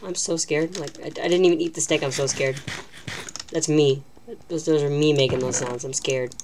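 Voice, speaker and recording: Give me a low-voiced woman joking at her own expense over a game, with a little typing noise behind her. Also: fairly even intonation, normal speed. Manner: joking, self-mocking, talking to herself. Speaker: gaming channel host. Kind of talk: live gameplay commentary.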